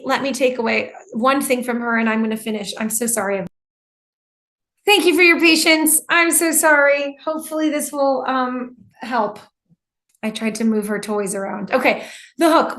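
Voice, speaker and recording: A middle-aged American woman teaching an online English class from home, lively and quick to laugh as she talks. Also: a little high. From United States. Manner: lively, laughs often, apologetic. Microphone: computer mic on a video call.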